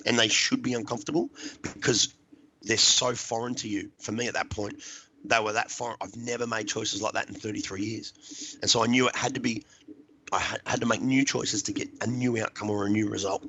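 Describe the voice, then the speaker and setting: A middle-aged man, a podcast guest, earnestly telling a personal recovery story with halting restarts. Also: lowish voice, steady tone, sharp tone, slight background noise, low-quality recording. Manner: earnest, halting, repeats words while searching.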